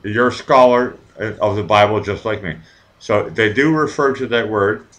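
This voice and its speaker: Over poor audio, a male show host with a lowish voice speaks at an ordinary pace. He wanders from story to story in a casual live talk, animated and swearing liberally.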